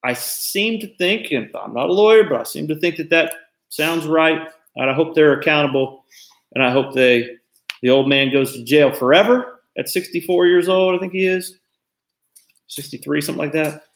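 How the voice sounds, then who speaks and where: A man's voice: a little high, normal speed, echoey room. A man in his forties hosting a talk show, speaking earnestly and reflectively in casual commentary. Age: 40s.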